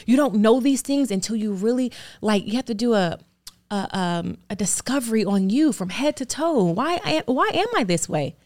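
A woman's voice: fairly high pitch, expressive, moderate pace, a little mellow. A woman in her thirties, an actor and producer, speaking candidly as a podcast guest. She talks earnestly and with emphasis, often in strings of rhetorical questions. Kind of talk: candid interview talk.

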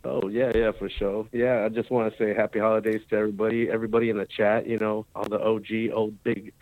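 A man's voice: on the low side, level tone, quick pace, no room sound, narrow, tinny audio. A man calling in to a live show, easygoing and upbeat. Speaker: caller. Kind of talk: casual call-in chat.

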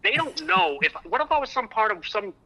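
A man calling in to a talk show, telling a long story in an excitable, rambling way and repeating himself. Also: sits high, brisk, poor audio. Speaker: guest comedian. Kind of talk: animated storytelling on a call-in show.

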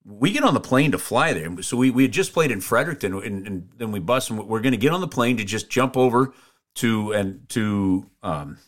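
A man co-hosting a hockey show, telling jokey stories in an animated way. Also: fairly low pitch, moderate pace. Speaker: hockey play-by-play broadcaster and co-host. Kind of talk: casual sports chat.

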